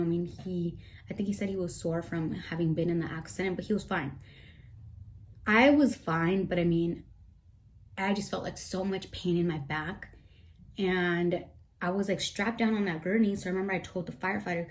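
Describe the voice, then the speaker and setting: A young woman tells a personal story to her camera, her voice a little low for a woman. She rambles and circles back, teary and emotional, yet keeps talking to her viewers. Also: darkish tone, a little hiss or hum. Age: young adult. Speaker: vlogger. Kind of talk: storytime vlog.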